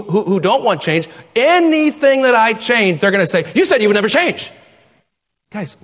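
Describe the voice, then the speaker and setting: A middle-aged man preaching from the pulpit, his fairly high voice swooping up and down as he drives his points home. He repeats key phrases for emphasis. The sound rings out with the long reverb of a church hall. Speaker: pastor. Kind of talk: sermon. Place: church sanctuary.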